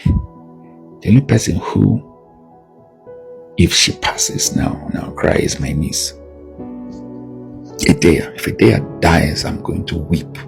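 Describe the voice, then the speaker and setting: A very low, gravelly male voice with wide swings in pitch, speaking bluntly and insistently in a personal monologue. Soft music plays faintly behind him. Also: expressive, slow, long pauses. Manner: blunt and emphatic, rising to raised insistence. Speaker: video monologue host.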